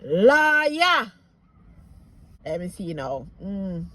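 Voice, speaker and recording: A woman's voice: medium pitch, very animated, sharp tone, a little hiss or hum, low-quality recording. A woman with a Jamaican accent teaching word pronunciation in a casual lesson, stretching out each example word and adding playful asides. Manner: slow, drawn-out model words with playful asides. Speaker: language teacher.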